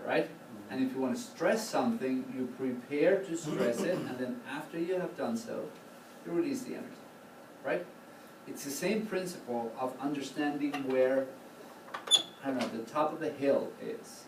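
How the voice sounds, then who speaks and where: A man teaching choral conducting in a classroom, coaching students with a steady run of questions. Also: mid-range voice, normal speed. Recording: roomy, distant, noisy classroom recording.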